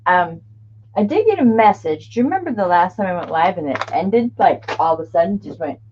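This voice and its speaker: A woman's voice: on the low side, sing-song, a little fast, darkish tone, slight background noise. Woman, middle-aged, craft live-stream host, chatty, laughs a lot, dull lo-fi sound. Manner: chatty, laughs often, greets viewers by name. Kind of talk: casual live-stream chat.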